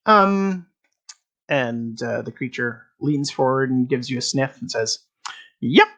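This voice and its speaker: A woman narrating as game master, calm and matter-of-fact. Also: a bass voice, a little slow.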